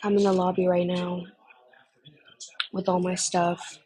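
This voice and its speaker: A woman's voice: fairly low pitch, completely flat delivery, unhurried, dark tone, breathy edge, low-quality recording. A young woman on a casual phone chat, gushing and emotional, calling the listener honey.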